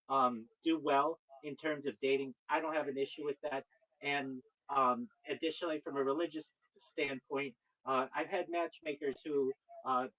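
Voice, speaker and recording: A man's voice: a little high, a bit bright, poor audio. A man, a rabbi, talking casually and at length in a conversation, often cutting in to disagree. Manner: talkative, cuts in with repeated "wait". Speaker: rabbi, show host.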